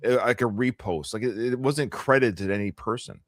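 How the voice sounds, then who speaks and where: A man's voice: medium pitch, fairly quick, no room sound, clean studio sound. A middle-aged Canadian man co-hosting a live podcast, chatting casually with a joking, rambling, sarcastic manner. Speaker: podcast co-host.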